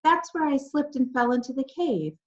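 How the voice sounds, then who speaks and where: A woman reading aloud, voicing a hurt and frightened little girl in a high, pleading voice. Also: animated, moderate pace. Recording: dull lo-fi recording.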